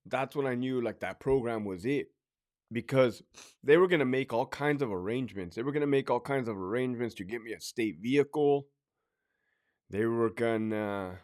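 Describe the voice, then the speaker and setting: A man telling a personal story in a casual, emotional, halting way, repeating phrases and sighing. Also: medium pitch.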